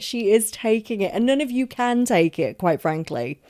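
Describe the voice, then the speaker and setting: A young London podcast host goes on a casual solo rant, rambling and emphatic, swearing often and commenting on herself. Her slightly high, slightly mellow voice is very animated, at normal speed with few pauses.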